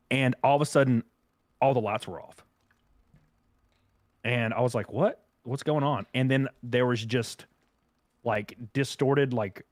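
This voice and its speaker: A man's voice: mid-range voice, dry recording. A young man co-hosting a comedy podcast, telling crude rambling stories in casual chat. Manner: crude, rambling storytelling with lively swings. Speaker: podcast co-host.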